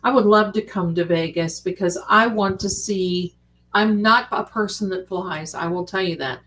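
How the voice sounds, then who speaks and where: Woman, livestream host, casual chat, animated, home streaming mic. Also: mid-range voice, moderate pace. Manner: chatty, animated, calls viewers "my darlings".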